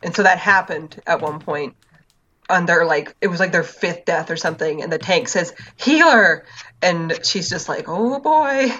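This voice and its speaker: A woman's voice: on the low side, fairly even intonation, moderate pace, a bit bright. A woman casually chatting on a podcast, telling game stories with lots of fillers and laughs. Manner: rambling storyteller, frequent fillers and laughs. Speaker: podcast co-host. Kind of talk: casual chat about a video game. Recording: dull lo-fi sound.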